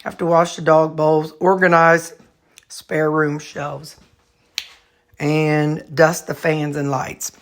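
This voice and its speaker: A woman's voice: low-pitched, flat delivery, slow. A woman vlogging casually at home, rambling through her chores and morning routine while talking to her dogs. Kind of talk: casual home vlog chat. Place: at home, kitchen and storage room.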